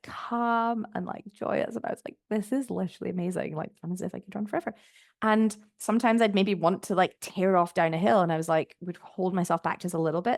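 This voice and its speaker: A woman with a slightly low voice tells a personal story on her podcast. She talks loosely and casually, with plenty of "like" fillers, and acts out her own inner thoughts. The recording is close and dry, with no room sound. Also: no room sound. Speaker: podcast host.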